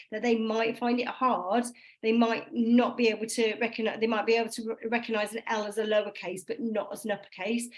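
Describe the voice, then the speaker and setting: A woman's voice: a little high, low-quality recording. A woman from England, a phonics trainer, explaining to volunteers in a conversational, reassuring way over a video call. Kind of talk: online training session talk.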